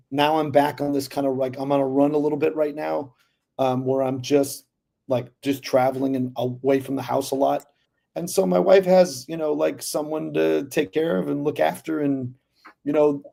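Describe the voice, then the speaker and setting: A man's voice: on the high side, vocal fry, mellow. A man being interviewed as a guest actor, telling casual stories full of fillers and swearing. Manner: loose storyteller, lots of fillers and profanity.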